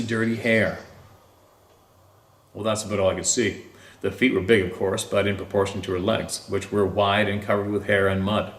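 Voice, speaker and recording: A man with a lowish voice reads a first-person story aloud. He takes it slowly and deliberately, drawing out his pauses. The sound is echoey, as though he is in a bare room. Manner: slow, deliberate reading with drawn-out pauses. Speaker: story narrator. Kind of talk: scripted narration of a first-person encounter story.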